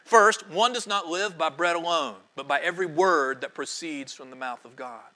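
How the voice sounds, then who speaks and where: A male pastor preaching a sermon, animated, sometimes dropping to a soft near-whisper for emphasis. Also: fairly high pitch, normal speed.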